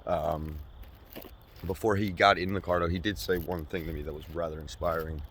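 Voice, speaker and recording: A man delivering a deadpan satirical monologue outdoors, rambling and halting before building into a loud rant. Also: deep voice, slight background noise. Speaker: comedic vlogger. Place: outdoors by a store parking lot.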